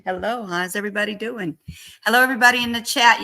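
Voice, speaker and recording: A woman's voice: medium pitch, fast talker, vocal fry, bright, forceful tone. A woman with a Southern accent moderating a casual football stream, playful and laughing. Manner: playful, laughing, country drawl. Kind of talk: casual sports talk.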